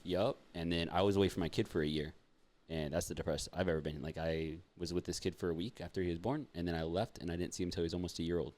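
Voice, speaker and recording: Fast-talking young man, low voice. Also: steady tone, darkish tone. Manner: swears freely, laughs and jokes. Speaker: podcast host. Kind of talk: casual podcast chat.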